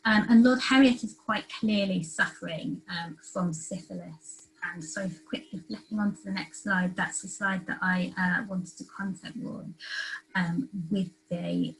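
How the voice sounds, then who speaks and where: A woman's voice: medium pitch, fairly even intonation, unhurried, poor audio. A woman giving an academic lecture, hesitant and full of ums and uhs. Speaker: guest lecturer.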